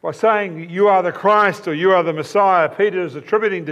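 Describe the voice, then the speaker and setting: A man's voice: sits high, a little fast, few pauses, fairly bright tone. A man preaching a sermon, explaining a passage with emphatic, repeated phrases.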